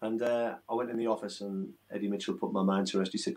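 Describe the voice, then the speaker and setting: A man's voice: lowish voice, fairly even intonation, fast, a little mellow, rough recording. A middle-aged man, a former footballer telling earnest, emotional stories in a casual interview. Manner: earnest, emotional, rambling storytelling.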